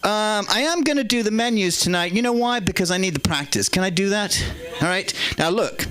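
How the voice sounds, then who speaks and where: A man's voice: high-pitched, lively intonation, brisk, fairly bright tone, smooth. An English man performing a stand-up set on a comedy club stage, rambling and cheeky with playful asides. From England.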